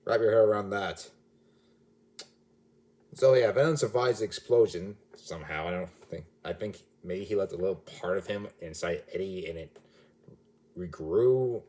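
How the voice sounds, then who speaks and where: Man, low mellow voice, chatty rambling reviewer, keeps correcting himself. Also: moderate pace, pauses often. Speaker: movie reviewer. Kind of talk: casual solo review.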